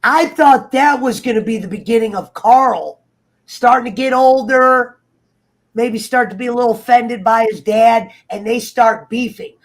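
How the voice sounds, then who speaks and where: A man in casual, heated chat, swearing freely and acting out characters in quick asides. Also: very high voice. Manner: profane, animated, acts out characters in quick asides. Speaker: guest on a TV review talk show.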